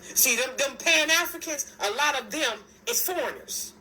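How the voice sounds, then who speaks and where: A woman's voice: high-pitched, lively intonation, moderate pace, bright, forceful tone, slight background noise, rough recording. A woman talking straight to her viewers in a casual monologue, emphatic and repetitive, pointing out one thing after another. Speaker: video commentator.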